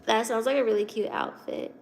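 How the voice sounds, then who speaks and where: A woman's voice: on the high side, fairly even intonation, a little fast, gravelly, a little hiss or hum. A young woman from Virginia hosting a casual livestream, chatty and giggly as she reads out and answers comments. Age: 20s. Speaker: livestream host reading chat.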